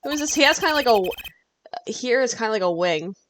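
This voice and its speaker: A young woman hosts a game stream, reacting loudly, giggling and swearing through casual commentary. Her voice sits a little high for a woman. A faint noise runs underneath. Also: animated, quick pace. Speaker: streamer host. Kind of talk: casual let's-play commentary.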